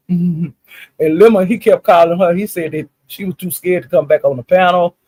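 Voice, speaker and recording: Husky-voiced man spilling gossip. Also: high voice, measured pace. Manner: animated, profane, exclaims "honey" and "child". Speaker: commentator recapping online live-stream drama. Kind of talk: gossipy casual storytelling.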